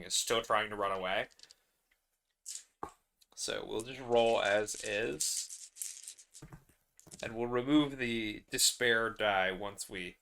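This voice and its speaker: A man's voice: on the low side, bright, forceful tone. A man narrating his solo tabletop game in a rambling, casual way, laughing often.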